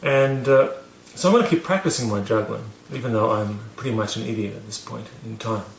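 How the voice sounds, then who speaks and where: A man's voice: fairly low pitch, fairly quick, vocal fry, echoey room, a little hiss or hum. A man casually telling a story to camera, rambling with many fillers and restarts, poking fun at himself. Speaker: vlogger teaching about learning.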